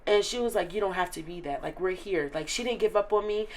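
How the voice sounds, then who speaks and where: A woman's voice: lowish voice, quick pace. An eighteen-year-old woman, a recent graduate, talking earnestly and emotionally as an interview guest, with many filler "likes". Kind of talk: casual interview chat.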